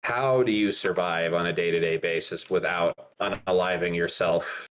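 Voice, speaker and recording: A man's voice: low voice, steady tone, moderate pace, a bit bright, dull audio. A man co-hosting a stream, talking bluntly and with exasperation in casual chat.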